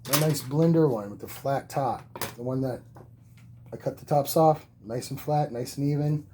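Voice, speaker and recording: Slightly high and mellow, this man's voice carries a relaxed oil painting tutorial in which he encourages the viewer stroke after stroke, often repeating himself. At times he steps away from the mic, and faint background noise is present.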